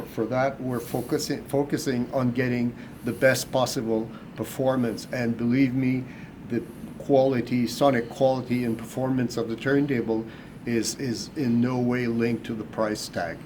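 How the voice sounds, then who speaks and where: A man's voice: medium pitch, noisy background. A man who co-owns a turntable company, answering interview questions emphatically and repeating words as he builds his point. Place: audio trade show floor.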